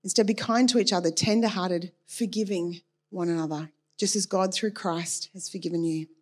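A woman's voice: on the low side, fairly even intonation, moderate pace. A woman preaching a sermon in an earnest, personal and conversational way.

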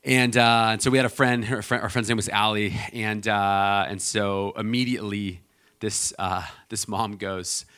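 Chatty bright-voiced male pastor. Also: on the low side, fairly even intonation, normal speed. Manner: storytelling, conversational with many fillers. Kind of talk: sermon.

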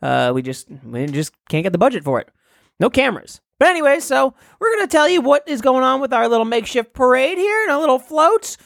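A man voicing an excitable male parade radio announcer who rambles in hyped, shouty patter. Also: very high-pitched, brisk, vocal fry, no echo, clean studio sound, voice pushed up, full character voice. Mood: excited. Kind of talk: improvised comedy bit.

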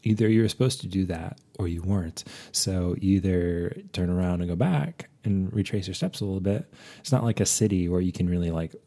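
A man reviewing a movie in a comic, rambling monologue, holding a low, put-on sultry persona voice with many fillers. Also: brisk, mellow. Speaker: podcast film reviewer.

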